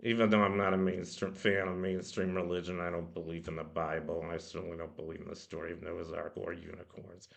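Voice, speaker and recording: Speaking into a home computer mic, a man hosts his own music blog feature, rambling casually through song commentary with lots of "you know" fillers and restarts. His low, gravelly voice is completely flat, fairly quick and bright, with few pauses.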